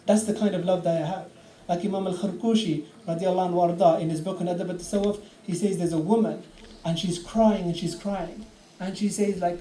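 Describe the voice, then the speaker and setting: In an Islamic centre hall, a man gives a fervent religious talk full of stories, loudly crying out the prayers he quotes. His voice is high-pitched with fairly even intonation and a slightly fast pace, captured at a distance in the echoey room with faint ambience.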